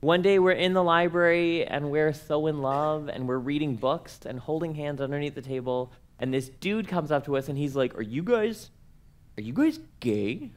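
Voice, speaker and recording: A man's voice: a little high, steady tone, moderate pace, few pauses, smooth. A young man, speaking at a workshop and telling comic personal stories in a playful, self-mocking way, acting out the dialogue.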